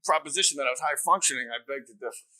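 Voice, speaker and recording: A man in his fifties from New Jersey, a comedian guest telling stories in a casual interview, animated and profane. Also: medium pitch, very fast, poor audio. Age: 50s. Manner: animated, profane, lots of laughter.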